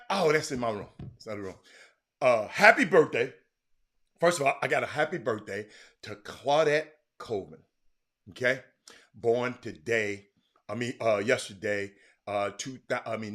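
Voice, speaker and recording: Here a man runs a sports talk stream out of a room at home, keeping the chat loose and naming viewers as he goes. His voice sits in the mid range with a slightly bright quality.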